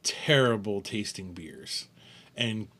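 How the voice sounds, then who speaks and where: A man's voice: fairly low pitch, lively intonation, slow pace, fairly bright tone, husky. A man co-hosting a podcast, chatting casually about beers and rambling through his thoughts with restarts. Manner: rambling, chuckling, self-correcting. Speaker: podcast co-host. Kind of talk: casual chat tasting beer.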